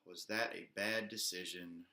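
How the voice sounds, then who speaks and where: A man's voice: low voice, fairly even intonation, unhurried, pushed and bright. A man casually telling a personal story, rambling with lots of "like" and some swearing. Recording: echoey room.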